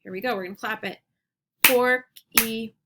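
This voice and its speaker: A woman teacher leading young children through a phonics lesson, speaking clearly and encouragingly and repeating each word, recorded on a computer at home. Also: medium pitch, animated, heavy background noise. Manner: slow, clear, encouraging classroom delivery with repeated words.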